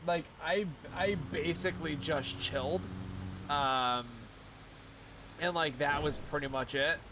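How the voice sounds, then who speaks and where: A man's voice: on the high side, slow, noisy background. A young man streaming live, chatting casually in a rambling, profane way and laughing often. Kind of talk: casual chat while streaming a game.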